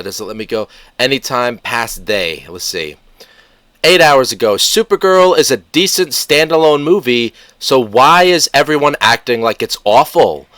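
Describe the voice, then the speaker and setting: A male commentary host with a middle-pitched voice, recorded dry and close with no room sound. He rambles through fillers and self-corrections. His tone turns sarcastic and argumentative as he talks back to what he is reading. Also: fairly bright tone, no room sound. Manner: sarcastic, argumentative, addresses the article's author directly. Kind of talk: casual reaction commentary.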